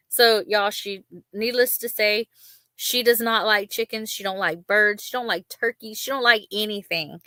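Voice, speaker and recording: A woman's voice: mid-range voice, a little slow, fairly bright tone, dry recording. A woman hosting a casual livestream, rambling with lots of ums and talking openly about her feelings. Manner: rambling, many ums, emotional but chatty. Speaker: livestream host. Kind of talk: casual live-stream chat.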